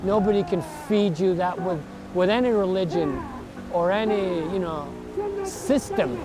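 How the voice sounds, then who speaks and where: A man in his sixties telling his story in an earnest, reflective way, slowing down to stress his words. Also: high-pitched, very animated, over loud music. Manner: earnest, slow, emphatic. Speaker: adventurer recounting a long walk.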